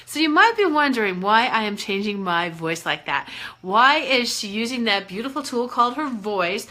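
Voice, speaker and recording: A woman coaching viewers through a casual self-help live stream. Her voice sits a little high and rings bright and forceful. She talks in a chatty, playful and encouraging way. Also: animated, normal speed, rough recording. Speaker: life coach and hypnotist. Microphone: webcam or phone on a live stream.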